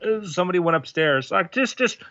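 A man narrating as game master in a tabletop role-playing game, in a brisk, casual way. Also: high voice, lively intonation, pushed and bright, dry recording, muffled recording.

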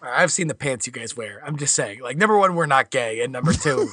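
Bright-voiced joking player man. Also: medium pitch, lively intonation, a little fast, no room sound, clean studio sound. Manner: joking, in-character banter as a cop. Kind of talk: improvised tabletop role-play.

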